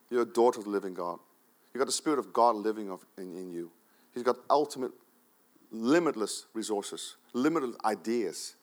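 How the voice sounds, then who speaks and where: A pastor from the Netherlands, preaching a sermon in a church, swinging between loud, emphatic urging and quiet asides. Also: male voice, lowish voice.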